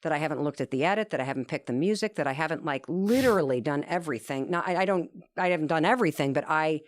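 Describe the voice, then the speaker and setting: A woman with a low-pitched voice speaks at a quick pace as a guest in an interview, telling an earnest, emphatic story. She's animated and acts out quoted dialogue, and there's no echo.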